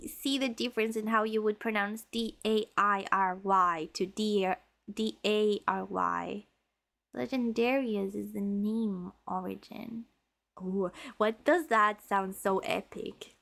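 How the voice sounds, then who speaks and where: A woman's voice: medium pitch, slow, creaky, long pauses, fairly bright tone. A young adult woman streaming a story game, chatting playfully and dramatically with her viewers. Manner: playful, dramatic, teasing with chat.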